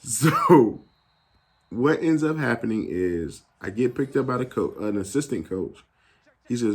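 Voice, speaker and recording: A young adult man telling a casual story in an animated, slangy way, acting out the people he quotes. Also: medium pitch, measured pace, husky. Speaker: YouTube gaming channel host.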